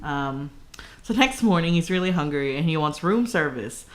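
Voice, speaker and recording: Young woman, casual podcast co-host, lowish voice, chatty and giggly retelling. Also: expressive. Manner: chatty, giggly, retells plot with quick asides. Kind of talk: casual book discussion.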